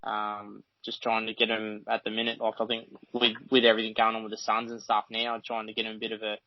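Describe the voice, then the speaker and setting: A man's voice: fairly low pitch, monotone, fast, no echo. Australian man, podcast guest; rambling, cussing yarns; dry, slightly muffled sound. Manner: rambling, swears casually, laughs often. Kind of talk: casual chat.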